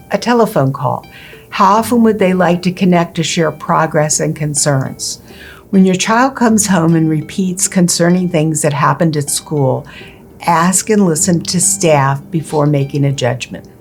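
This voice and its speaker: Calm woman narrating an advocacy lesson. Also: on the low side. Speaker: presenter, attorney. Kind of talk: scripted educational narration.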